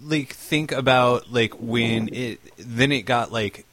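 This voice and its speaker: A man's voice: mid-range voice, slow, noisy background. A young man interviewing a musician, eager and peppering his questions with "like". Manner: enthusiastic, peppered with "like". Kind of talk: casual interview.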